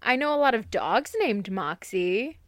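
A woman's voice: on the high side, lively intonation, a little slow, a bit bright, dry recording, clean studio sound. A woman in casual chat, playful and giggly, jumping from topic to topic.

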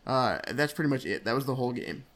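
A man talking casually on a podcast, walking his friends through how a rating-guess game works. His pitch sits mid-range. He stops often on little "uh" pauses as he thinks. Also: lively intonation, a bit bright. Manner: explains rules with frequent "uh" fillers. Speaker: podcast co-host running a quiz game.

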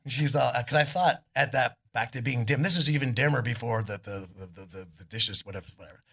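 A middle-aged man with a Californian accent, telling rambling, animated stories at a live on-stage interview in a club, bursting loudly into quoted lines. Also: medium pitch, quick pace, vocal fry. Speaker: guest, rock singer.

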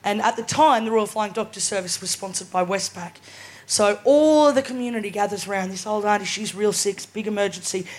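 A woman in her twenties with an Australian accent doing a live stand-up set, casual and cheeky, often tagging lines with "right?". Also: medium pitch. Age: 20s. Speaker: stand-up comedian. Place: live comedy venue.

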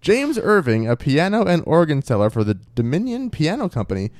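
A man's voice: on the high side, huge pitch swings, fairly quick, few pauses, darkish tone, dry recording. A man co-hosting a podcast, telling a spooky true story in a casual, chatty way with frequent ums and laughs.

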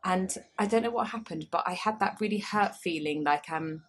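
A woman in her thirties co-hosting a podcast, telling stories in an animated, self-mocking way. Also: fairly low pitch, normal speed, a little hiss or hum. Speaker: podcast co-host. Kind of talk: casual chat. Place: small public toilet.

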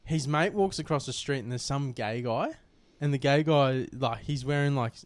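A man's voice: mid-range voice, normal speed, dry recording. Swearing young Australian man telling a story. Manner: crude, swearing, rambling anecdote. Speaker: podcast co-host. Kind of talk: casual storytelling chat.

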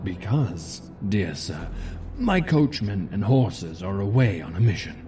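A man reading aloud doing a sinister old vampire count who speaks in a soft, slow, honeyed murmur. His voice sits low and dark, dropping quieter and deeper than the narration. Faint music hums underneath. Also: sing-song, echoey room, distant mic. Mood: silkily polite. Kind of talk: dramatized audiobook reading.

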